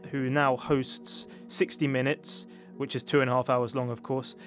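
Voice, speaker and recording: Man explaining over faint music. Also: medium pitch. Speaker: media commentator. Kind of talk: explanatory commentary.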